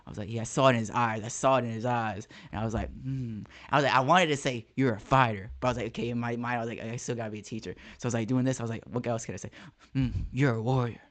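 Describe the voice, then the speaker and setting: A man's voice: mid-range voice, very fast, hardly any pauses. A young man, a first-grade teacher, telling a story in casual podcast chat and dropping slang. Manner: animated storytelling with slang like "dog".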